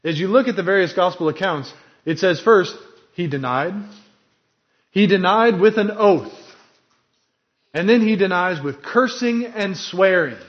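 Earnest man preaching, slightly high voice. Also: expressive, measured pace, long pauses, dull audio. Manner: earnest, emphatic preaching with dramatic quoted lines. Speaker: pastor. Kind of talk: sermon.

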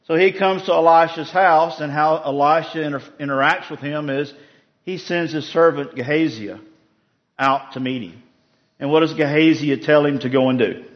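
A man's voice: a little high, fairly even intonation, normal speed. Man teaching a casual Bible study, lo-fi. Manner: conversational, asks the group questions. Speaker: preacher leading a Bible study.

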